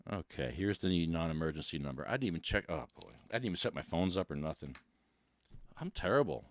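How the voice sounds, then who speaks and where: A man hosting a casual solo podcast, rambling and poking fun at himself, with lots of restarts. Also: low voice. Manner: rambling, self-deprecating, with frequent restarts. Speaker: podcast host.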